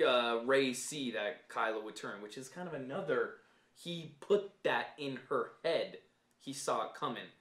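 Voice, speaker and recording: A man co-hosting a casual fan podcast, laying out his points step by step in an animated, argumentative way. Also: mid-range voice, normal speed, roomy sound. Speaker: podcast co-host.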